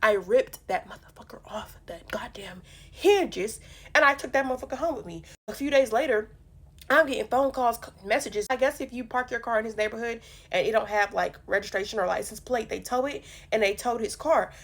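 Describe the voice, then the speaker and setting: A young woman telling a funny personal story in a casual storytime vlog, animated and profane, with punchy delivery. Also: on the high side, quick pace. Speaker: storyteller vlogger.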